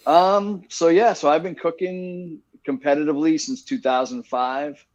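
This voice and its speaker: A man's voice: fairly high pitch, steady tone, normal speed, lo-fi sound. A man with a Massachusetts accent, an easygoing guest chatting on a podcast. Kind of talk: casual chat.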